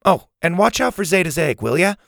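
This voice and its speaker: A man's voice: high-pitched, very animated, brisk, creaky, fairly bright tone, no room sound, studio quality, pitched above the performer's own voice, exaggerated voice. A man voicing a nervous young boy camper who jokes lightly and talks a bit anxiously. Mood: coaxing.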